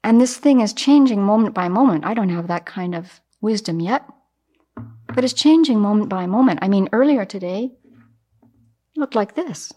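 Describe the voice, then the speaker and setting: Woman Buddhist teacher, mid-range voice, lively storytelling dharma talk. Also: medium pitch, moderate pace. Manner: animated, acts out everyday examples.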